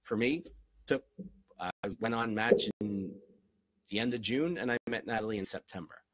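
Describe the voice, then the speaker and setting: On a noisy live stream, a man who works as a relationship coach responds to viewers' questions at normal speed in a fairly low voice. His motivational Q&A is earnest and encouraging, with key phrases repeated.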